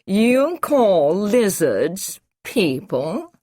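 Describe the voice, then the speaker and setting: A woman's voice: medium pitch, very animated, takes it slowly, dry recording, studio quality, voice pushed up. A woman reading an audiobook, voicing a skeptical, pompous male official who speaks in a doubting, incredulous way.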